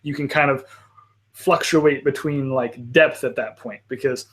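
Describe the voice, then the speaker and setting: A man hosting a live panel in casual chat, rambling with frequent restarts and quick apologetic asides. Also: medium pitch, fairly even intonation, a bit bright. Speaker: panel host.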